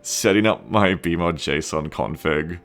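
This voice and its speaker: A man with a low voice and vocal fry speaks slowly as he live-streams coding a game mod. He chats in a relaxed way, pokes fun at himself, swears casually, and reads out the chat.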